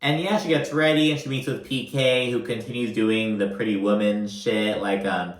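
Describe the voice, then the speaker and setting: A man's voice: on the low side, steady tone, moderate pace, roomy sound. Chatty, cursing man recapping a show. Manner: chatty, loose, swears often, many fillers. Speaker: recap commentator. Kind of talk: casual reality TV recap.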